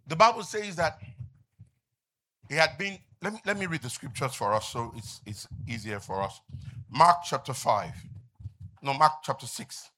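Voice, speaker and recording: Bright-voiced preaching man, call-and-response. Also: fairly high pitch. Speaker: pastor. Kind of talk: sermon. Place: church with outdoor canopy seating.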